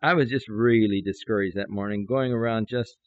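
A male pastor preaching a sermon, telling a personal story and acting out the dialogue, with a lively delivery that swells into exclamations. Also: fairly low pitch, fairly quick, dry recording, lo-fi sound. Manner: animated, acts out dialogue, rising to exclamations.

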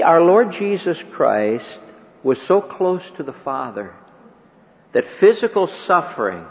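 A male preacher delivering a sermon, swinging between ringing emphasis and hushed, near-whispered words, with slow, deliberate rhetorical questions. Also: a little high. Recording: dull lo-fi recording with long hall reverb.

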